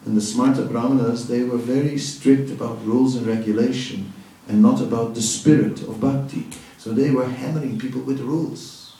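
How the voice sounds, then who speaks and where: A spiritual teacher answers a question in a devotional talk, earnest and reassuring, repeating words for emphasis. His mid-range, mellow voice is fairly even in intonation, at normal speed with hardly any pauses. The room is echoey, the mic distant, with faint noise.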